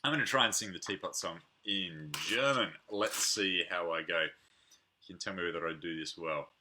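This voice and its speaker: A man's voice: low voice, moderate pace, slight background noise. A man leading a preschool playgroup on a livestream, talking playfully to young children and reading picture books. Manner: playful, animated, chatting to unseen children.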